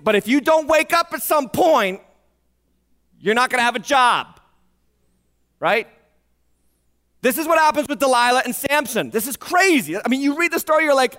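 High-voiced man preaching a lively sermon. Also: moderate pace, long pauses. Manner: animated, jokey, acts out voices and alarm beeps. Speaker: pastor.

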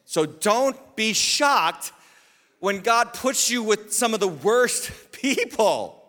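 A man preaching a sermon as lead pastor, swinging from loud declarations to quiet asides, with bits of humor. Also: sits high. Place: church sanctuary. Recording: long reverb of a large hall.

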